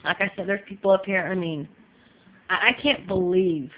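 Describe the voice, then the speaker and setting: A woman's voice: lowish voice, steady tone, normal speed, lo-fi sound. A woman from California vlogging casually from her home in Texas, talking in a chatty, emphatic way and often saying "you know.". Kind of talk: casual opinion vlog.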